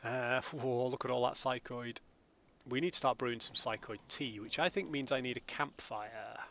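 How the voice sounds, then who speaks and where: A man's voice: mid-range voice, fairly even intonation, normal speed, creaky, fairly bright tone, slight background noise. A man, chatting casually with viewers during a live gameplay stream from home. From England. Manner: chatty, greets viewers by name.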